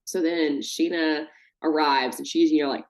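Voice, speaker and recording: In a low-pitched voice at normal speed, a female podcast co-host gives an animated, swear-filled recap of a reality show. She imitates the people she's talking about as she goes.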